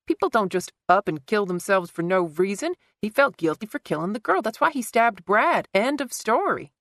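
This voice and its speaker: A woman's voice: medium pitch, sing-song, normal speed, dry recording, clean studio sound, pitched above the performer's own voice. A woman voicing a flippant adult man who mocks and teases in an audiobook. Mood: mocking. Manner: flippant, mocking. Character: teasing sardonic adult man, card-playing friend.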